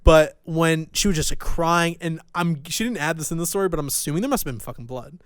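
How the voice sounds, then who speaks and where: A young man rattles off crude podcast banter at a fast clip, his voice sitting a bit high and recorded dry and close. He swears freely and rambles, jumping between loud bursts and low mutters. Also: clear, resonant tone, dry recording. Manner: profane, rambling, jumps between loud outbursts and mumbling. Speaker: podcast co-host.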